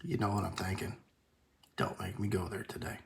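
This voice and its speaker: A man's voice: sits low, fairly even intonation, fairly quick, gravelly, noisy background. A man hosting a casual workshop video, talking through his work at a bench with dry, self-deprecating asides and muttered remarks. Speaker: host. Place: workbench.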